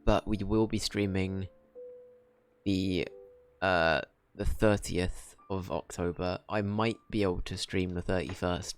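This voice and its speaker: A man with a lowish voice talks loosely to his stream viewers from a desk mic. He rambles, second-guesses himself and laughs at his own slips. Clear music plays underneath him. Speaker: game streamer. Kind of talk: casual chat to stream viewers. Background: background music.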